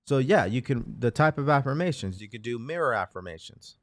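A man's voice: medium pitch, expressive, brisk, no echo, clean studio sound. A man hosting a motivational live show, talking earnestly and repeating phrases as he coaches listeners. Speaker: host.

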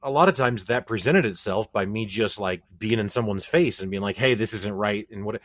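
A man's voice: fairly low pitch, a little fast, a bit bright, no room sound. A man hosting a podcast, reflective and thinking aloud as he talks with his guest. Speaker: podcast host. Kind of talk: conversational interview.

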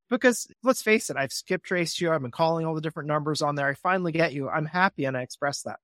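Man, guest investor, animated, role-plays calls with a cheery voice; slightly high voice, dry booth sound. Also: fast, few pauses, no echo. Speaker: real estate investor guest. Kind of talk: podcast interview.

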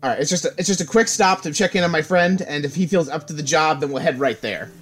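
A man's voice: a little high, quick pace, faint music behind. A man playing a tabletop game in character, speaking politely and a little hesitantly. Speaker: player.

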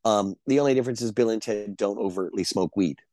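A man's voice: on the low side, quick pace, darkish tone, no echo. A middle-aged man, an actor guest, telling rambling anecdotes with lots of fillers and restarts in a casual interview chat.

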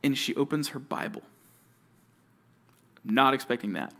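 A male youth pastor preaching to junior high students, telling stories with animation and talking straight to his listeners. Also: a little slow, creaky. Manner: animated storytelling, addresses listeners directly.

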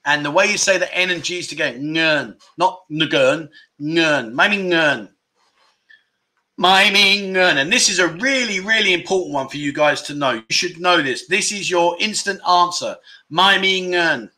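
A man hosting a casual livestream, reading viewer comments aloud, laughing often and spelling out local words slowly. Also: a little high, expressive, pushed and bright. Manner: chuckling often, teaching Thai words slowly. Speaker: livestream host.

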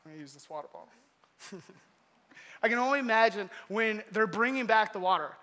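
A man preaches in a relaxed, slangy storytelling manner. His voice is high and bright, and it rings out with a long hall reverb. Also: fairly quick. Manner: animated, slangy. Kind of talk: casual storytelling sermon.

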